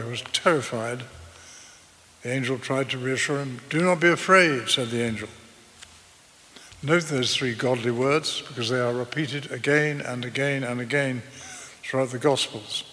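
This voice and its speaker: A preacher in his eighties tells stories in a measured and vivid way. His voice is bright and forceful, and it rings out with a long reverb in a church hall. A faint ambience sits behind him. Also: medium pitch, slight background noise. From eastern England. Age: 80s. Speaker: pastor. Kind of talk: sermon.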